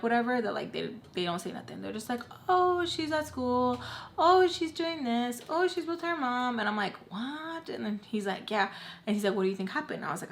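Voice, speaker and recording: A woman's voice: medium pitch, gravelly, a bit bright. A young woman chatting through a storytime vlog. She talks casually, fills her sentences with "like", and acts out what everyone said along the way. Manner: chatty, heavy on "like", acts out quoted voices. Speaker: storytime vlogger.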